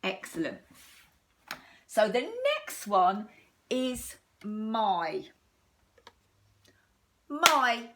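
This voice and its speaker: English woman, primary phonics teacher, very slow, sing-song and encouraging, mid-pitched. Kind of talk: recorded phonics lesson for young children.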